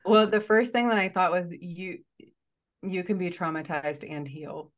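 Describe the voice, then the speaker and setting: A woman with a lowish voice talks slowly and thoughtfully as a guest on a podcast. She often restarts her sentences as she works through an idea, taking her time over each point. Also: fairly even intonation. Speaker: guest, somatic therapist. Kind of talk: conversational podcast interview.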